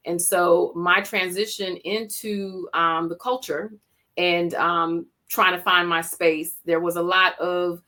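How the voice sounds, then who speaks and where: Jamaican woman, kinda low voice but bright, telling her story with lots of restarts. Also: flat delivery, takes it slowly. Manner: reflective storytelling with many restarts. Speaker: teacher and guest. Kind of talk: podcast interview.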